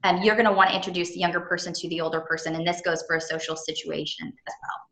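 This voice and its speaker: A woman's voice: fairly low pitch, fairly even intonation, rapid-fire, fairly bright tone, reverberant, poor audio. A woman presenting a business etiquette seminar, chatty and engaging with frequent fillers.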